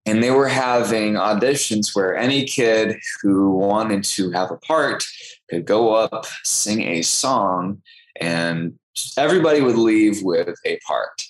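A man's voice: lowish voice, takes it slowly, low-quality recording. A young man from Texas, an actor, telling stories in a casual interview with a chatty, self-deprecating manner. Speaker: guest actor.

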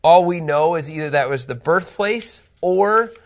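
Guy teaching a small bible class, kinda high voice, chatty, keeps asking the room stuff. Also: animated, measured pace. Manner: chatty, asks the room questions, restarts phrases.

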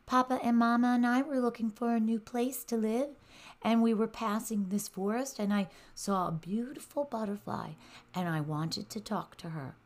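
A woman voicing a frightened little boy hedgehog in a storybook, speaking softly in a shaky voice. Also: on the high side, moderate pace, pitched above the performer's own voice, close to an everyday voice. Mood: scared. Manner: shaky, soft, hesitant voice.

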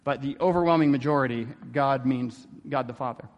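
A man giving an explanatory theology lecture, thoughtful, pausing often with "um" and checking in with "right?". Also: medium pitch. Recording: long hall reverb.

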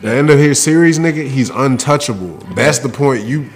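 A man's voice: mid-range voice, animated, moderate pace, faint music behind. A young man in casual chat with friends, arguing emphatically in heavy slang about anime.

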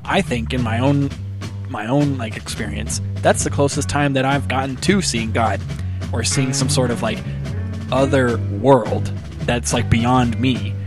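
A man's voice: medium pitch, a little slow, over music. A man hosting a casual conversation and asking questions. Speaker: podcast host. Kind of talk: casual chat.

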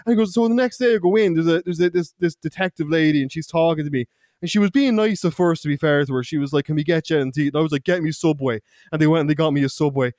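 A young man with an Irish accent spins a rambling story among friends, swearing freely and breaking into laughter. His voice sits a bit high and sounds close and dry, with no room around it. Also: fast, a little mellow, dry recording. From Ireland. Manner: swearing, laughing, loose anecdote telling with acted-out quotes. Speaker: podcast co-host. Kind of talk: casual storytelling chat.

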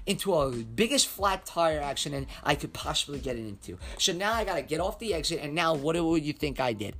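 A man's voice: on the high side, fairly bright tone. A young man hosting a podcast, telling a story in a rambling, profane, emphatic way. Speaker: podcast host. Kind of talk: casual storytelling monologue.

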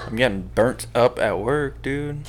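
Relaxed joking man, faint noise behind. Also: medium pitch, a little slow. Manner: relaxed, joking, says dude and bro. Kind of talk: casual chat.

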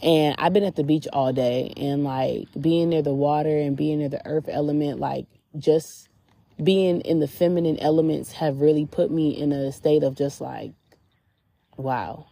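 A woman with a low, mellow voice talks through a casual spiritual reflection. She speaks candidly and chattily, her sentences full of "like" fillers. She is recording outdoors at a beach. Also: steady tone, unhurried, vocal fry. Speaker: podcast host.

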